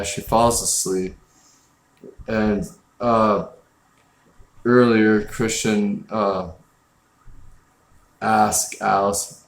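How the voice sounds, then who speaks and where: A man's voice: fairly low pitch, roomy sound, slight background noise. A man hosting a casual film review show, talking in a rambling, blunt and profane way with lots of fillers. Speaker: film review podcast host.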